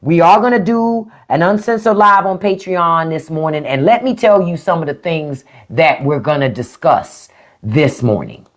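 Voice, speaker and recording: Using a phone or desk mic on a casual live stream, a middle-aged podcast host with a DC-area accent talks bluntly and swears a lot. She has a low voice at normal speed and an animated, profane manner.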